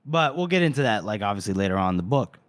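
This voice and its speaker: A man's voice: on the low side, sing-song, fast talker, no echo. A man co-hosting a casual book podcast, loosely retelling scenes with profanity and laughs. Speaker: podcast co-host.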